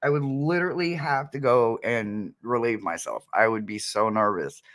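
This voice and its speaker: A man's voice: medium pitch, moderate pace, a bit bright. A man hosting a casual livestream as a psychic medium, chatty and laughing often as he talks to his viewers.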